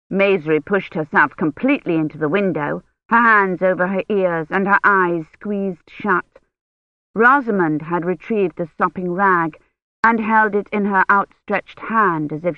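Measured audiobook narrator, dull dry sound. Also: medium pitch, dry recording. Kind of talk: scripted narration.

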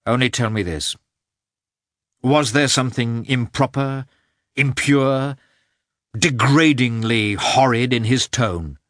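A man's voice: mid-range voice, takes it slowly, long pauses, fairly bright tone, no echo. A man reading the part of a jealous, stern young husband who speaks curtly and angrily. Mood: anguished. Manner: curt and dry.

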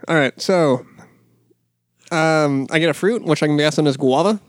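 A man's voice: a little high, a little slow, no room sound, studio quality. A man co-hosting a casual beer tasting podcast, rambling and stumbling over words with a lot of laughter. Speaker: podcast co-host.

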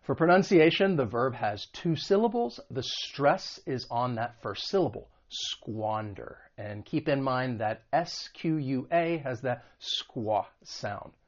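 A man's voice: mid-range voice, animated. Man teaching English words. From United States. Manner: clear, patient, models words slowly. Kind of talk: vocabulary and pronunciation lesson. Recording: dull lo-fi recording.

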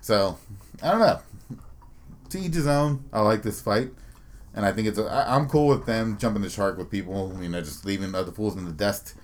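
A man's voice: fairly low pitch, brisk. A young man co-hosting a casual sports chat podcast, blunt and profane, often laughing. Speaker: podcast co-host.

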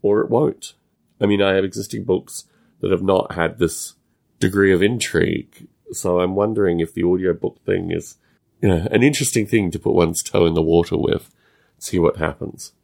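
Male podcast host with a non-American English accent, solo monologue, low and gravelly, thinks aloud with restarts. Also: fairly even intonation, a little mellow. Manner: musing, halting, with frequent restarts.

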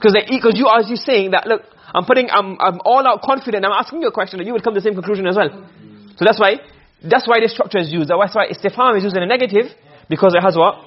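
A man's voice: sits high, quick pace, highs cut off. A man teaching a class, lecturing and explaining points by asking his students questions. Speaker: Arabic rhetoric teacher.

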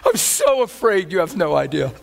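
A man preaching a sermon, telling a personal testimony in an animated way, often laughing as he speaks. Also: high-pitched, normal speed, creaky. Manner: animated, laughing testimony with sudden shifts between hushed and excited. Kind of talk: sermon storytelling.

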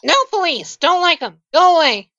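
A woman's voice: very high voice, animated, moderate pace, a bit bright, no echo, pitched above the performer's own voice, exaggerated voice. Woman doing a cranky hermit barking through a door. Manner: curt barked refusals. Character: grumpy reclusive man shouting through a door. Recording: dull dry sound.

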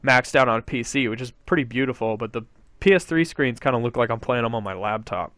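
A man hosting a casual gaming podcast, excitable and swearing freely as he acts out what others said. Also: mid-range voice, quick pace, no echo. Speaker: podcast host.

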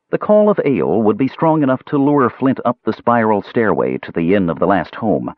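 Deep husky guy reading a fantasy audiobook, lively intonation, dry muffled sound. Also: dry recording. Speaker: audiobook narrator. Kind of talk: scripted narration. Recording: dull, muffled recording.

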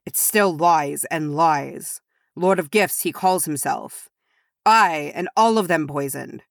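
A woman's voice: deep voice, slow, vocal fry, no room sound, studio quality, exaggerated voice. A woman voicing a stern male dwarf lord who talks bluntly and harshly.

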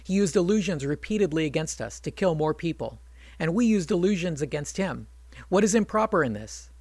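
Man reading a proud warrior prince lecturing his critics, argumentative, fairly high voice. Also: animated, fairly quick, a little mellow, no room sound. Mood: indignant.

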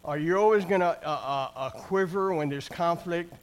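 A slightly high voice at a moderate pace belongs to an older church speaker giving his personal testimony as a conversational sermon. His speech is plain, with frequent restarts and repeated questions to the congregation like "amen?" and "right?"

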